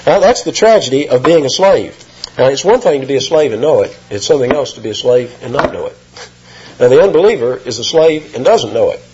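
A man's voice: mid-range voice, very animated, brisk, darkish tone, a little hiss or hum. A man preaching an expository sermon, emphatic and rising sharply when he quotes. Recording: muffled lo-fi sermon recording.

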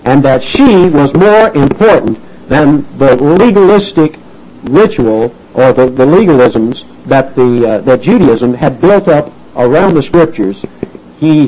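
Man, preacher, folksy sermon, husky voice, lively pitch. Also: highs cut off. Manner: folksy, animated, acts out quoted voices.

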